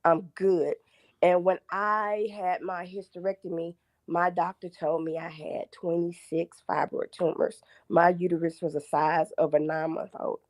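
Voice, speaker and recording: A woman's voice: lowish voice, level tone, measured pace, a little mellow, no echo. A woman in her forties calling in to a live show, talking through her points one by one in a chatty, emphatic way. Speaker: caller. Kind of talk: casual phone-in chat.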